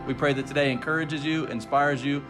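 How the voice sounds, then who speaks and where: A man's voice: fairly high pitch, fairly even intonation, fairly quick. A man, a pastor, giving a friendly scripted welcome to a church podcast. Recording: voice over clear background music.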